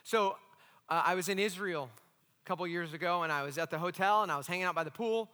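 A man preaching a sermon as pastor, animated and asking the congregation questions. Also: high-pitched, fast, big-room sound. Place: church hall.

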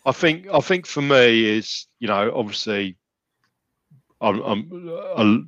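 A man's voice: medium pitch, animated, slow pace, fairly bright tone, no room sound, dull audio. A man talking casually as a podcast guest, rambling with many restarts and fillers. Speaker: gym client and podcast guest.

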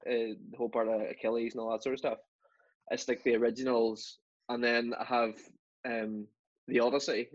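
A man co-hosting a podcast in casual chat, dry and self-deprecating. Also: mid-range voice. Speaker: podcast co-host. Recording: dull lo-fi podcast audio.

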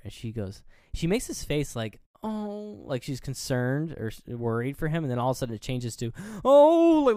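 A man's voice: no room sound, clean studio sound. A man co-hosting a podcast, casually recapping a movie scene by scene and acting out the characters' lines. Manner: animated retelling, acts out quotes with pitch jumps; loose and profane, lots of fillers. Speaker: podcast co-host.

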